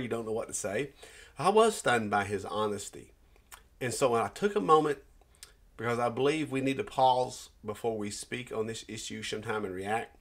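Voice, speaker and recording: A middle-aged man speaks as a minister giving a personal testimony. His tone is earnest, and he tells a story with pauses and small restarts. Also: medium pitch, fairly bright tone. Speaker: Christian minister.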